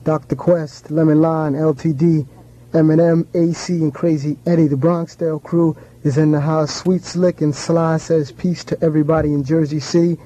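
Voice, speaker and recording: A male radio DJ reading a steady list of shout-outs, rattling off names one after another. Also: fairly high pitch, normal speed. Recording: dull lo-fi radio recording.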